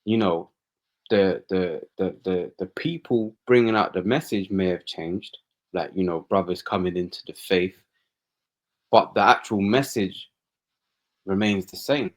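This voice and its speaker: Male co-host, deep-ish register, preachy scripture reader. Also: measured pace. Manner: preachy, frequent "you know" and "man". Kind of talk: religious podcast discussion.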